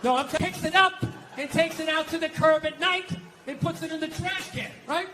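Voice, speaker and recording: An American man doing stand-up comedy, ranting loudly and swearing a lot. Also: extremely high pitch, normal speed, music in the background. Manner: loud, ranting, profane.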